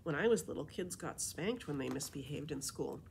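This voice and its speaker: A woman's voice: low-pitched, expressive, moderate pace, vocal fry, background noise. Woman reading as a flustered patient teacher.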